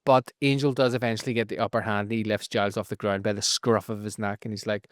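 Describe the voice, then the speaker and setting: A man with a Northern Irish accent recapping a TV episode in a casual podcast chat, telling it in a lively, profane way. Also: fairly low pitch, fast talker, hardly any pauses, no room sound, clean studio sound. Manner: animated, profane storytelling with frequent laughs. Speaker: podcast co-host.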